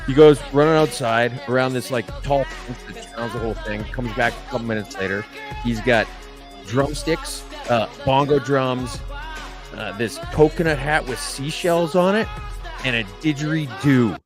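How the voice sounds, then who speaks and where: A man co-hosting a podcast, telling a long rambling story in a casual, deadpan joking way. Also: medium pitch, normal speed, music in the background. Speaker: podcast co-host.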